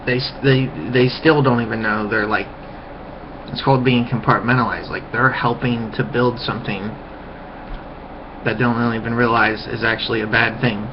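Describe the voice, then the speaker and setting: A man's voice: medium pitch, level tone, moderate pace, background noise. A man in a heated, profane ranting monologue, recorded on a webcam microphone. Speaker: vlogger. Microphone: webcam mic. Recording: muffled lo-fi webcam audio.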